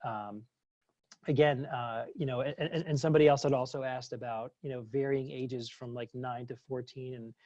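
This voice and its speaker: A man's voice: medium pitch, fairly even intonation, moderate pace, a little mellow, no room sound, muffled recording. A man, a former psychologist, presenting a webinar and answering questions in a chatty way, full of fillers and restarts.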